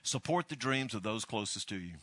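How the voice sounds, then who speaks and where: A man's voice: on the low side, expressive, brisk, bright, forceful tone, no echo, clean studio sound. An older man from Alabama, a pastor giving a folksy, storytelling sermon.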